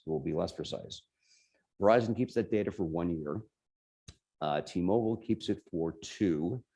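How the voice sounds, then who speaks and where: Speaking with a New Jersey accent, a man gives an informal, explanatory talk on tech policy as a guest presenter at a computer user group meeting. His voice is low and warm.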